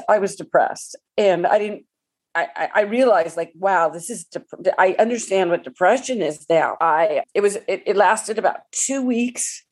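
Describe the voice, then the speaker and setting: A woman in her forties, a pickleball player, telling a personal story in an emotional, halting way with many restarts. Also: mid-range voice, husky.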